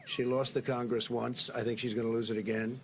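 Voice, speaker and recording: A man's voice: medium pitch, flat delivery, a little fast. A man answering reporters in a rambling, boastful way, repeating himself, heard in a noisy press clip. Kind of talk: press remarks.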